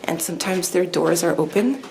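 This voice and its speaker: A woman's voice: lowish voice, fairly quick, gravelly. A woman hosting a travel vlog, giving chatty, upbeat narration as she walks through an old mansion hotel. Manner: upbeat, chatty tour guiding. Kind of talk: walking room-tour narration. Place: old haveli hotel, stairs and courtyards. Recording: noticeable background noise.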